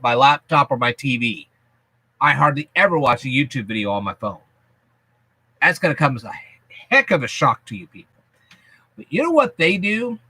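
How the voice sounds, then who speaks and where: A man with a fairly high, bright voice that swings widely in pitch as he talks. He explains things to his viewers in a folksy, chatty and emphatic way. The sound is dry and close. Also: husky, no room sound. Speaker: YouTube channel host. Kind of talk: casual vlog explaining to viewers.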